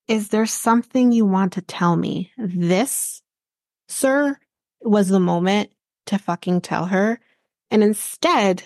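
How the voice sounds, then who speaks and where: A woman's voice: mid-range voice, darkish tone, no room sound, studio quality. Blunt, swearing woman podcast host. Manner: blunt and exasperated, swears freely. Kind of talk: casual chat recapping a reality show.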